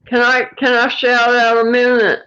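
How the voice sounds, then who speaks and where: A woman from Georgia with a Southern US accent, chatting in a group voice call and giving friendly shout-outs. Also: fairly high pitch, monotone, normal speed, clean tone, no echo. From Georgia, US Southern states. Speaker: chat participant. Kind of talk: casual group voice chat. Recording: dull lo-fi online call audio.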